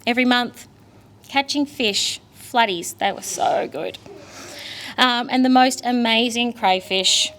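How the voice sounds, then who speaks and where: A woman's voice: on the high side, slow pace, a bit bright, slight background noise. A young Australian woman, the daughter, giving a candid, emotional funeral eulogy full of family stories. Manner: emotional, candid, storytelling with laughs.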